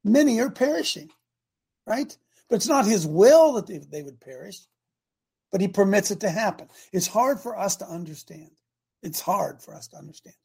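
An older man with a gravelly, husky voice hosts a morning talk show. He preaches in a folksy, emphatic way, pushing some lines out loud and dropping others low. His tone stays plainspoken and conversational. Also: lively intonation, normal speed. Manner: folksy, emphatic, rises and drops loudness for effect. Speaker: host.

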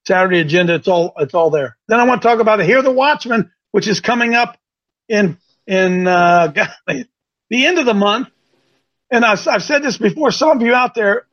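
A folksy man from Ohio hosts a casual broadcast, his voice sitting high for a man. He talks excitably and circles back over his own words. The recording sounds dull and lo-fi. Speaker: host.

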